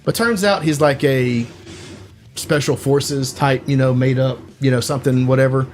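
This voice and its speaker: A man's voice: mid-range voice, fairly even intonation, moderate pace. A man co-hosting a podcast, casually retelling a movie plot in a rambling way, full of "like" and "you know.". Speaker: podcast co-host.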